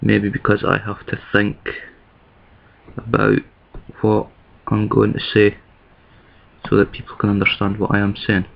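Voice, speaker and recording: A man's voice: on the low side, completely flat delivery, unhurried, creaky, pauses often, muffled recording, slight background noise. A man from the east of Scotland with a Scottish accent, rambling and thinking aloud in a casual vlog, with many restarts. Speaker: vlogger. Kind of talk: casual talking-to-camera vlog.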